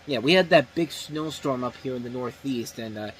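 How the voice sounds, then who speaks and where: A man's voice: mid-range voice, moderate pace, slight background noise, rough recording. A man hosting a casual movie review show, seated, talking in a rambling way with many fillers and restarts. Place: indoors, seated.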